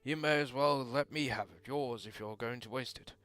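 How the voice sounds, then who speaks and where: A man's voice: medium pitch, normal speed, fairly bright tone, smooth, no room sound, lightly acted. A man voicing a jovial middle-aged father with a hearty, theatrical put-on accent.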